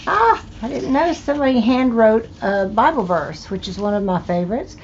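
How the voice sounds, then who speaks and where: A woman's voice: on the high side, animated, normal speed, highs cut off, a little hiss or hum. An older woman with a Southern US accent, hosting a casual thrift-haul video and chatting with delighted exclamations over her finds. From American South. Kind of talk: casual show-and-tell.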